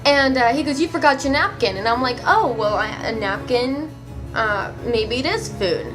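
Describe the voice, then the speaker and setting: A woman vlogger telling a story to camera in a casual, animated way, incredulous and swearing offhand. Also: on the high side, moderate pace, soft background music.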